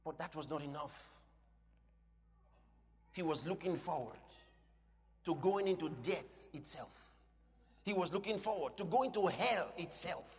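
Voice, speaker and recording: A man preaching a sermon with passion, swinging between loud shouts and quieter asides. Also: fairly high pitch, expressive, measured pace, long pauses, husky. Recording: long hall reverb.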